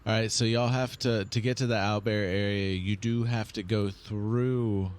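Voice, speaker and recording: Lower-voiced man running a tabletop game. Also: steady tone, smooth. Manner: laughing, describing scenes with quick voices. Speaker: game master.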